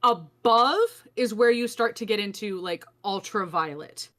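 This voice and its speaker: A woman's voice: mid-range voice, unhurried, fairly bright tone. A young adult woman co-hosting a casual comedic podcast, sarcastic and swearing, often laughing mid-sentence. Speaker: podcast co-host.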